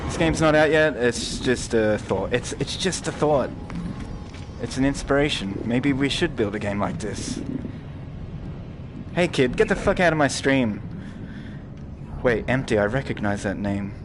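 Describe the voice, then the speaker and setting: A young man giving live gameplay commentary to his chat, rambling, swearing freely and jumping into loud outbursts. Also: medium pitch, expressive, unhurried, noisy background. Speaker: streamer.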